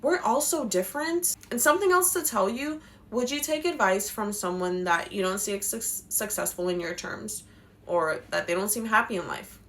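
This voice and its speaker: A woman's voice: medium pitch, moderate pace, fairly bright tone. A young woman giving spiritual life advice in a casual, passionate, slangy talk, swearing now and then. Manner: passionate, slangy, swears, acts out quotes in voices.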